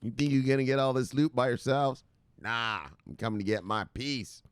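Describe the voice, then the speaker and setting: A man's voice: mid-range voice, normal speed, smooth, no room sound, close to an everyday voice. A man voicing a tough woman investor who demands her cut of the money, brash and sassy.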